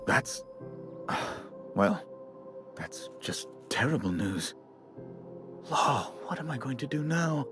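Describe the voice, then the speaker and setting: A man's voice: medium pitch, big pitch swings, takes it slowly, long pauses. An actor voicing a fussy, condescending male corporate bureaucrat in a video game, with a prim, theatrical delivery. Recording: soft game music behind.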